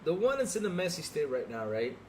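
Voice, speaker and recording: Animated man hosting a gaming stream. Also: fairly high pitch, a little fast, a little hiss or hum. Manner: animated, talks straight to chat, repeats himself. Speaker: podcast host. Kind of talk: live-streamed podcast chat.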